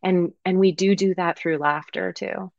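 A woman manual therapist speaking as a podcast guest in gentle, reflective conversation, laughing easily. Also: fairly low pitch, fairly even intonation, a little slow, creaky, dry recording. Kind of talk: casual conversation. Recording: slightly muffled dry sound.

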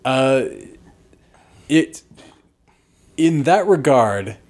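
Rambling male podcast host. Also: very slow. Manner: rambling, restarts often, animated pitch swings. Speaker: podcast co-host reviewing movies. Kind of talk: casual chat.

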